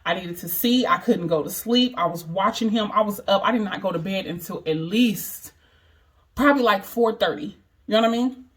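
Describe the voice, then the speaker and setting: A woman's voice: medium pitch, moderate pace. A woman vlogger telling a personal story in casual, chatty talk, emphatic and earnest, often asking "you know what I mean".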